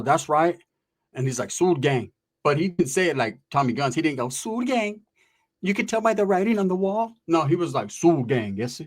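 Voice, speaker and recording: A man from Northern California telling a wild personal story in casual street slang, swearing freely and acting out the voices of the people in it. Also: on the high side. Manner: animated, profane street slang, acts out voices.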